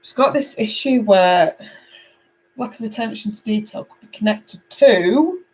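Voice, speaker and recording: A middle-aged woman from England reading tarot cards live, chatty and animated as she talks to viewers. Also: medium pitch, a little slow, husky, faint music behind, low-quality recording. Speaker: tarot reader.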